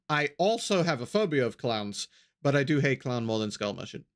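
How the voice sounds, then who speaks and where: A man's voice: on the high side, big pitch swings, a little fast, a bit bright. Chatty male streamer gaming live. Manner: chatty, answers chat, repeats himself, bursts into laughter. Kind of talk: casual live-stream chat while gaming.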